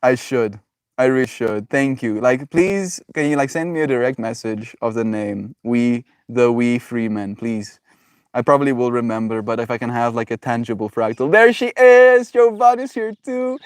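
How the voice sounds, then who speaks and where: A man streaming from home chats loosely with his viewers and drifts between thoughts with plenty of fillers and laughs. His voice sits at an ordinary middle pitch. The sound is dry and close, with no room echo. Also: fairly even intonation, moderate pace, clean tone. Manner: rambling, many fillers, frequent laughter. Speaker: live streamer. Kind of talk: casual chat with viewers. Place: at home with pets.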